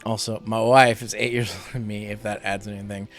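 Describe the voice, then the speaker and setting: Low-voiced, rambling male streamer. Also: little pitch movement, brisk, faint music behind. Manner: rambling, with many fillers. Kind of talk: casual game stream chat.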